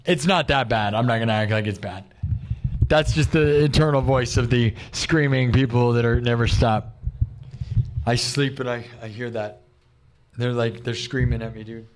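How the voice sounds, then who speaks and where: A worn-out man streaming from his home room, talking in a loose, rambling, candid way. His voice is mid-pitched and heavy with emotion. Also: steady tone, moderate pace. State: exhausted. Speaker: live streamer. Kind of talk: casual livestream chat.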